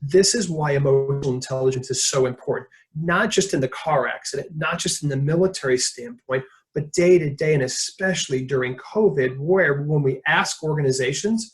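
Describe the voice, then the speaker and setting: A man's voice: on the high side, moderate pace. A man presenting a leadership webinar, telling stories in a conversational way and acting out quotes. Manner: conversational storytelling, jokes and acts out quotes.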